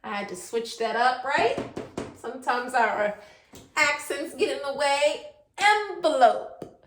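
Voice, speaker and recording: A woman's voice: sits high, measured pace, fairly bright tone. A woman teaching a virtual preschool class, sounding out letters in a sing-song, coaxing way and asking the children questions. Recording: echoey room.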